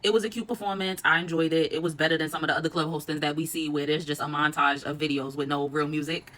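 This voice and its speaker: A young woman talks quickly and bluntly through a reality show recap. Her voice sits low for a woman, and she swears freely with a sassy edge. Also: fairly even intonation, fairly bright tone. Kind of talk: casual recap commentary.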